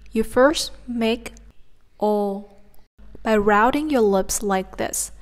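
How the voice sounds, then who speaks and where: Slow, careful woman teaching pronunciation. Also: medium pitch. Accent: Southern Vietnamese. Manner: slow, careful, demonstrates sounds. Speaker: language teacher. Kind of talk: pronunciation lesson.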